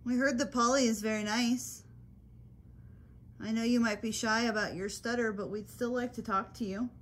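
A woman's voice: on the high side, fairly even intonation, moderate pace. A woman paranormal investigator calling out to spirits in an old hotel, speaking in a patient, coaxing, reassuring way. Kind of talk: calling out to spirits during a ghost hunt.

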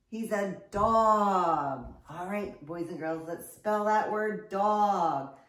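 A kindergarten teacher giving an online phonics lesson, sounding out letters slowly with bright, exaggerated emphasis. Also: female voice, mid-range voice, lively intonation, far from the mic. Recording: echoey room, a bit off-mic.

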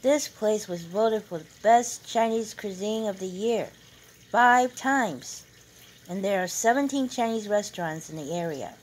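A woman's voice: mid-range voice, measured pace, darkish tone, slight background noise, natural voice, low-quality recording. A woman reading aloud, voicing a proud and bossy older mother who boasts about her son. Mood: boastful. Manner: boastful, emphatic.

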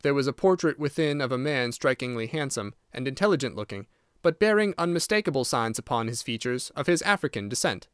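A man narrating a classic detective audiobook in a steady, unhurried reading. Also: medium pitch, smooth, dry recording, studio quality. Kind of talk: scripted narration.

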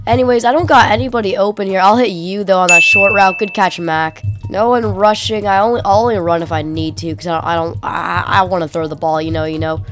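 A woman commentating her own football video game match in a slangy, excitable way, her pitch leaping around between quiet mumbles and sharp shouts. Faint game music hums behind her. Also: a little fast, few pauses. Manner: excitable, slangy play-by-play, swings from mutters to yelps. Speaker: gaming YouTuber. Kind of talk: live gameplay commentary.

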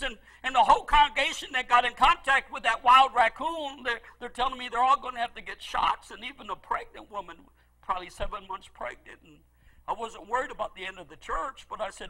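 A middle-aged male pastor delivering a sermon in a very high, sharp, bright voice. He tells his story with great passion, pleading loudly at some moments and dropping to a near hush at others. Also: normal speed, low-quality recording. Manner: impassioned storytelling preacher, swings from loud pleading to hushed.

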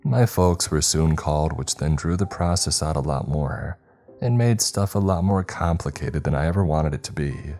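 Very deep-voiced man narrating horror. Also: warm tone. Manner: first-person storytelling, measured. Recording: faint background music.

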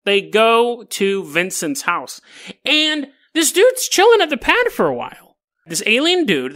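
A man's voice: sits high, sharp tone. A man hosting a casual storytelling podcast, joking and laughing through wry asides. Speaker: podcast host.

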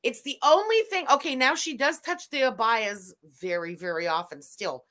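A woman's voice: on the high side, moderate pace, fairly bright tone. A woman host giving sarcastic, disgusted reaction commentary over a video.

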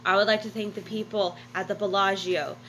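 A woman's voice: mid-range voice, flat delivery, fairly quick, fairly bright tone, a little hiss or hum, poor audio. A woman vlogging from a hotel room, telling a long personal story in a blunt, profane way and often correcting herself. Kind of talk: casual storytelling monologue.

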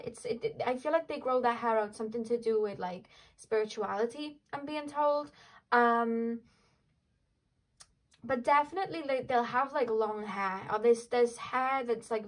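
A young woman chats her way through a tarot reading, rambling and filling gaps with "like" and "um". Her voice sits a little high for a woman. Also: poor audio. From Wales. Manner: chatty, rambling, frequent "like" and "um" fillers, laughs easily. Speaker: tarot reader. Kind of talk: casual tarot reading to camera.

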